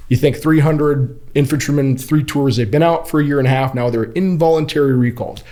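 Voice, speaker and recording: A man's voice: on the high side, a little fast. Guy from kuwait, 30s, podcast guest, tells stories, does little voices for people. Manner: animated storyteller acting out quoted voices. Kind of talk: casual storytelling interview.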